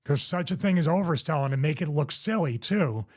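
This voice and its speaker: A man in his fifties hosting his own show, telling a story in a casual, animated, self-deprecating way and quickly quoting others. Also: on the high side. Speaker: host.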